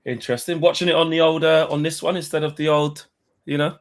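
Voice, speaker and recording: Easygoing higher-voiced male co-host. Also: little pitch movement, fast. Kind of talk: casual chat on a live stream.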